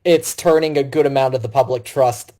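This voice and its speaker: A man's voice: mid-range voice, steady tone, a little fast, warm tone. A man co-hosting a podcast film review, rambling casually and retelling scenes by acting out the lines.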